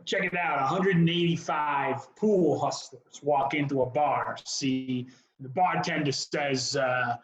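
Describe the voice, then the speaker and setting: A man telling improvised bar jokes in a slow, drawn-out delivery. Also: on the high side. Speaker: improv performer. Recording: echoey room.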